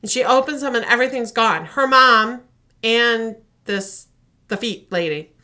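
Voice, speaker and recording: Bright-voiced woman retelling a horror story. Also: on the high side, unhurried. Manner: animated storytelling, acts out voices. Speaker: podcast co-host. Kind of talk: casual chat, retelling a horror short.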